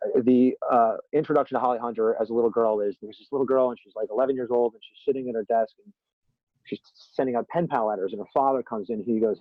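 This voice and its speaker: A man's voice: medium pitch, fast, dry recording. Long-winded storytelling man, dry muffled sound. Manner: long-winded, animated storyteller with many asides. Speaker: podcast guest, TV executive. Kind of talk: conversational interview.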